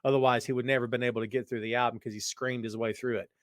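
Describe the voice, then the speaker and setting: A man hosts a live stream at an easy conversational pitch, his voice worn and tired. He rambles and jokes straight at his viewers, and the sound is dry and close. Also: level tone, rapid-fire, no echo. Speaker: podcast host. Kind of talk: casual live-stream chat. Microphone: webcam setup.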